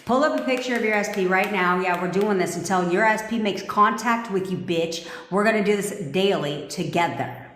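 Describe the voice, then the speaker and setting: A woman's voice: mid-range voice, moderate pace, a bit bright. Blunt, swearing woman coach, echoey room. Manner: blunt, profane and commanding; laughs and jokes with viewers. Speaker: manifestation coach. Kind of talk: live-stream coaching talk. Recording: echoey room with long reverb.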